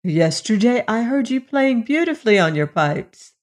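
A woman voicing a happy, kind female tree spirit in a storybook, sounding bright and tender. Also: a little high, sing-song, moderate pace, voice pushed up. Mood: joyful.

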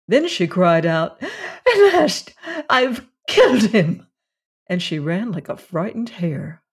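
A narrator reading a classic mystery story aloud in a measured, deliberate way. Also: medium pitch, a little mellow.

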